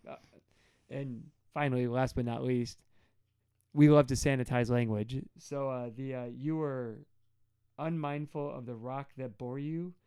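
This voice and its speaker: Smooth, dry-sounding man, casual podcast co-host, rambles with lots of fillers. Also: steady tone, unhurried, mellow, no room sound. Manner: rambling, many fillers, acts out quotes in a high whiny voice. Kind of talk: casual Bible study chat.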